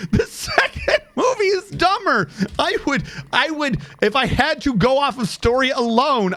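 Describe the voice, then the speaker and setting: This game streamer has a high-pitched, slightly bright voice. He rambles casually and profanely as he plays, counting under his breath.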